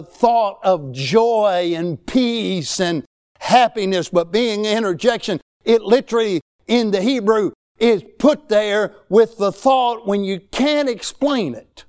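A man's voice: sits high, clear, resonant tone. Folksy preacher man in his sixties. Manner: folksy, emphatic preaching with rising exclamations. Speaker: pastor. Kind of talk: sermon.

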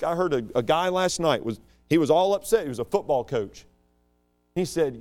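A man from the United States giving a rambling, digressive talk to a group, in an animated voice. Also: moderate pace. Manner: animated and digressive, with sudden jumps up and down in pitch. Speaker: speaker addressing a group.

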